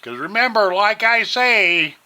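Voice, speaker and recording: His voice sits high, smooth and expressive, and he never hurries. The speaker is a vlogger from Montana giving a casual, rambling, folksy review of vape gear at home on a webcam, greeting viewers as ladies and gentlemen.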